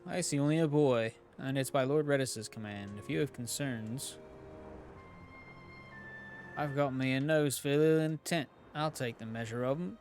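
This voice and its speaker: A man's voice: mid-range voice, moderate pace, darkish tone, soft background music, lightly acted. A man voicing a blunt, loyal male sky pirate in a put-on accent while reading video game dialogue aloud. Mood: gruff.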